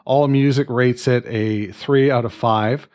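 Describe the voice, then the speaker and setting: A man's voice: medium pitch, steady tone, unhurried, darkish tone. A man from Canada hosting a casual music podcast, chatty and jokey as he leads his friends through the discussion. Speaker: podcast host.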